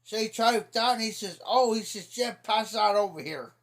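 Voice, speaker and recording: High-voiced middle-aged guy from ohio rambling through folksy stories on his stream. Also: a little fast, fairly bright tone. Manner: rambling folksy storyteller, repeats "I said". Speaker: livestream host. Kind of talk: casual storytelling chat.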